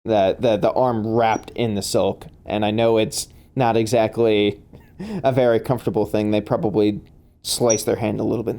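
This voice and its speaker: A man's voice: lowish voice, level tone, normal speed, vocal fry, dark tone. A man running a tabletop game as game master, laughing often and talking with many fillers and restarts.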